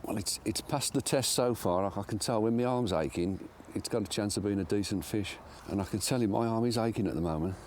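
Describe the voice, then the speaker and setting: A man's voice: lowish voice, fairly quick, few pauses, a little mellow, a little hiss or hum. Older angler chatting as he fishes. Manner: chatty, self-mocking. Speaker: angler presenter. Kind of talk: casual commentary while fishing. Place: outdoors by a lake.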